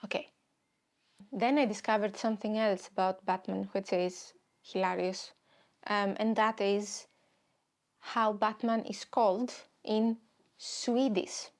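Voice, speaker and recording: A young woman from Greece with a Greek accent, hosting a comedy podcast in an animated, rambling way. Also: medium pitch, takes it slowly. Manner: animated, rambling, stop-start storytelling. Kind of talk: solo comedic podcast monologue.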